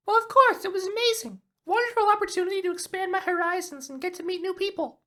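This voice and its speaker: A shrill, piercing voice plays an unhinged, vengeful sniper rifle in a comedy skit. Its delivery turns into manic, shouting threats. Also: male voice, quick pace. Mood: aggrieved.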